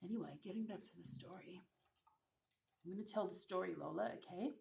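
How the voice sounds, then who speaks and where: A woman's voice: fairly low pitch, brisk, gravelly, darkish tone. A young woman with an Australian accent telling a dramatic, slangy story between bites, as a vlogger. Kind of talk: storytime while eating. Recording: echoey room.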